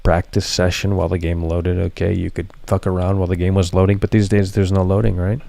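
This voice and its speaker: A deep, gravelly man rambles and swears his way through a casual livestream chat with his viewers. His voice is low and mellow, and it sounds dry and close to the mic. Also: no echo. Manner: profane, rambling, talks to chat. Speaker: streamer.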